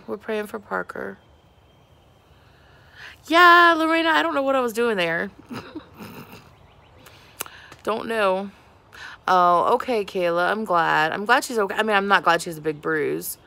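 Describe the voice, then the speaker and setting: A woman's voice: fairly low pitch, fairly bright tone. A woman in her thirties hosting a casual livestream from her porch, chatting with viewers and greeting them by name. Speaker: beauty vlogger hosting a livestream. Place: outdoors on a porch.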